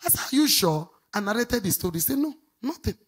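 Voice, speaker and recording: A husky-voiced middle-aged woman preaches a sermon. She rises into loud, fast bursts and then drops into low, confiding asides. Her pitch sits in an ordinary middle range for a woman. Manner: animated preaching, swinging between shouts and low asides. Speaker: pastor.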